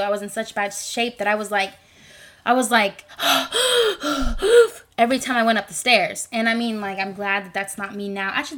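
Rambling, animated young woman podcaster. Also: fairly high pitch. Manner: rambling, animated, lots of fillers. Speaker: podcast host. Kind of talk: casual podcast monologue.

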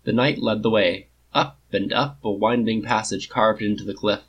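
Low husky male storyteller. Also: fairly even intonation, moderate pace, a bit bright. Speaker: narrator. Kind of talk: audiobook story reading.

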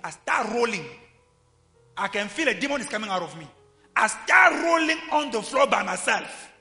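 A man preaching a sermon, swinging from quiet, intimate asides to loud shouting. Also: sits high, vocal fry. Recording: long hall reverb, faint music behind.

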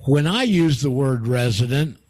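A man reading Humpty Dumpty's lines, giving the haughty egg a slow, scornful delivery. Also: medium pitch, animated, a little mellow, no echo.

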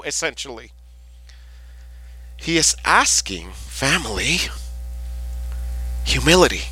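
A male pastor giving a sermon, often asking the congregation questions and slowly drawing out Hebrew words. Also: on the high side, lively intonation, pushed and bright, no echo. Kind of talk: sermon teaching.

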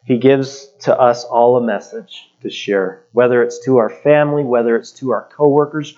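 A man's voice: mid-range voice, a little mellow, muffled recording. A middle-aged male pastor giving a sermon in a conversational, plainspoken way.

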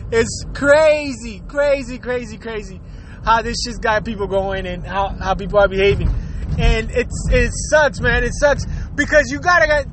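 A man's voice: extremely high pitch, pushed and bright, a little hiss or hum. A man in his thirties hosting a casual podcast, ranting bluntly with lots of swearing and frequent laughter. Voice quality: profane, laughs often, blunt. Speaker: podcast host.

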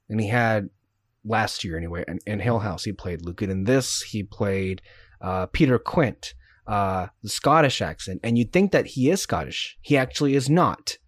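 A man's voice: on the low side, no room sound, clean studio sound. Hesitant man musing aloud. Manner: hesitant, many fillers and self-corrections. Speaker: podcast co-host. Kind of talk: casual chat.

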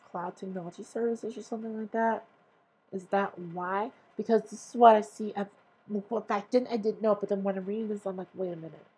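A woman's voice: medium pitch, warm tone, husky, low-quality recording. A woman hosting her own podcast, ranting in a profane, exasperated and sarcastic way. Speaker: podcast host. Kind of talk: casual ranting monologue.

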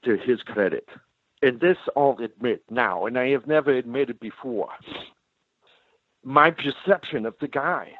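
A man telling a personal story in an animated, emphatic way, often repeating phrases for effect. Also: mid-range voice, a little slow, slight background noise. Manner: animated, emphatic, repeats "let me tell you". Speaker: storyteller guest. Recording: tinny phone-like sound.

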